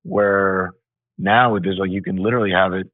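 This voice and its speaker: A man who is a tennis coach, a guest on a podcast in casual chat, talking in an unhurried way with fillers. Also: low-pitched, fairly even intonation, no echo. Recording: tinny phone-like line.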